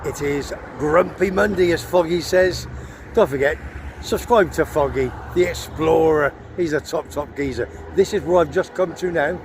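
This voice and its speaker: With a fairly high pitch and a moderate pace, this older Gloucestershire man chats his way through a casual phone vlog shot outdoors in town. He's cheeky and keen to promote himself as he rambles. Traffic and street noise fill the rough outdoor recording.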